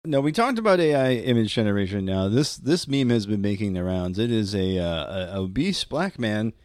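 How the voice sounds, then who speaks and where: A low-voiced man speaks with a lively, swinging pitch on a dry, close mic. He chats casually as a podcast co-host, wry and quick to laugh. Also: no echo. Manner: wry, laughing, with short backchannel replies. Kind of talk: casual chat.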